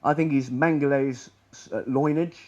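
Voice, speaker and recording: A man giving a public presentation in a lecture room, rambling and sardonic, often trailing off quietly. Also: mid-range voice, fairly even intonation, normal speed, highs cut off.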